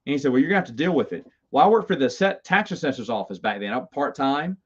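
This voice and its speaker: A man's voice: medium pitch, lively intonation, quick pace, husky. Middle-aged guy telling stories, lots of restarts, kinda muffled sound. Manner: rambling, self-amused, with stammered restarts. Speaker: host. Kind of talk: casual storytelling. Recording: slightly dull lo-fi sound.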